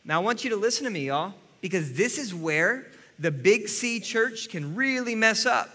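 A man's voice: sits high, expressive, normal speed, pushed and bright, big-room sound. A man preaching a sermon as a pastor, earnest and speaking directly to his listeners.

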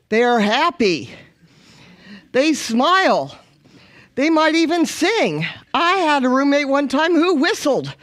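A middle-aged woman, a missionary guest preacher, praying and then preaching with humorous stories and call and response. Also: high voice. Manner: warm, humorous storytelling with congregational call and response. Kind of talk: sermon with opening prayer.

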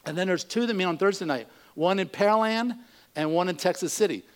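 Relaxed man pastor giving church notices. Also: high voice, brisk, clear, resonant tone. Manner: relaxed, conversational, with frequent fillers. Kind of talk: church announcements. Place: church service.

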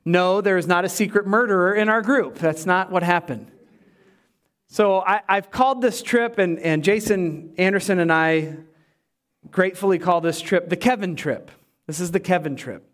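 High-voiced man preaching a sermon. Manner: conversational, self-deprecating storytelling. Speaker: pastor.

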